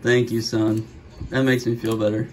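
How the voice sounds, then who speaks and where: Excitable middle-aged man opening card packs. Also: mid-range voice, normal speed, poor audio. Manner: excitable, joking, bursts of gasps and laughs. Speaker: card-opening channel host. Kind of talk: casual pack-opening commentary.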